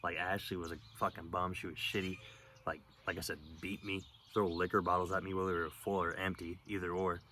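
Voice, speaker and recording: A young man telling a personal story in a rambling, profane, halting way, with lots of fillers, outdoors. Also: deep voice, flat delivery, pushed and bright, slight background noise. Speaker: vlogger. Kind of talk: casual storytelling monologue.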